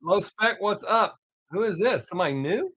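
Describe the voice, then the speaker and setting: A man with a high-sitting, animated, somewhat bright voice runs his own live stream at normal speed, relaxed and profane as he reads comments and talks to chat viewers by name. The sound is clean studio audio with no echo.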